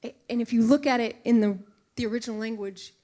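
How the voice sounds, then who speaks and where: A middle-aged woman preaching a sermon in an earnest, emotional way, sometimes dropping to a hushed whisper for emphasis. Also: on the high side, steady tone, quick pace.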